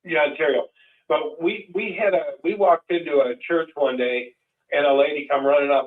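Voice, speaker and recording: A man's voice: on the high side, moderate pace. A man co-hosting a call-in show, telling a long story in a rambling, folksy way with many restarts. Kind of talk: casual storytelling chat. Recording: distant, phone-like lo-fi sound.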